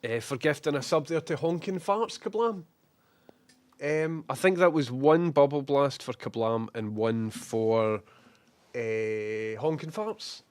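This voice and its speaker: A young Scottish man chats away on a live stream, greeting his viewers one by one. His voice is a touch hoarse from a cold, and the sound is close and dry with no room echo. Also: mid-range voice, animated, slow. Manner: chatty, greets viewers warmly by name. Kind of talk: casual live-stream chat.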